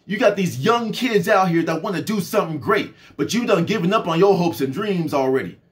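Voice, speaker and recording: A man's voice: high voice, expressive, a little fast. A young adult man giving an impassioned, preachy rant straight to his audience as a spiritual and health vlogger.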